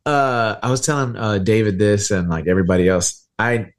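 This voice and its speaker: A man's voice: fairly low pitch, normal speed. Laughing, profane podcast host man. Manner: loose, profane, laughs often. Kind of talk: casual chat.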